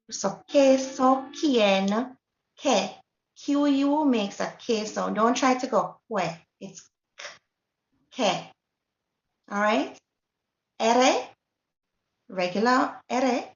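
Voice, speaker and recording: A woman's voice: mid-range voice, vocal fry. A woman with a Jamaican accent leads a workshop lesson, explaining step by step and checking in with the group. Her voice carries around an echoey room, and the recording sounds dull and lo-fi. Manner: patient, checks in often with the group. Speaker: Spanish teacher.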